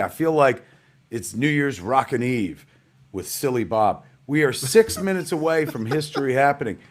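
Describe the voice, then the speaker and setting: A middle-aged man hosting a live stream from home in a rambling, jokey casual way, calling everyone "man" and "kids". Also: medium pitch.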